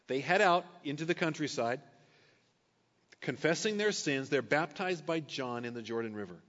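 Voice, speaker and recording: A male pastor with a fairly high, expressive, slightly bright voice preaches a sermon at normal speed. He reads scripture and slips in casual, conversational asides. The recording has an echoey hall sound and is dull and lo-fi.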